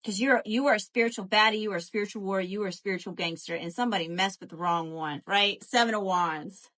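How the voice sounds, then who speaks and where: A woman doing a live tarot reading, animated and profane, calling to her viewers as y'all. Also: mid-range voice, fast. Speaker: tarot reader.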